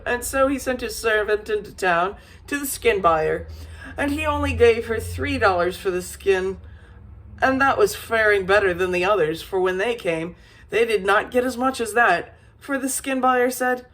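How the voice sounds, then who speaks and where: A woman reading an old fairy tale aloud as a storyteller, lively, with small slips and restarts. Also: a little high.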